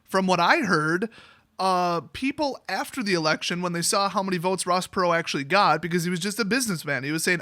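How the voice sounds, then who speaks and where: Sarcastic ranting man with a bright voice. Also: high voice, animated, fast talker, no room sound, clean studio sound. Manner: sarcastic, exasperated, mocking voices. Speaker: YouTuber. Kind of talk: political rant.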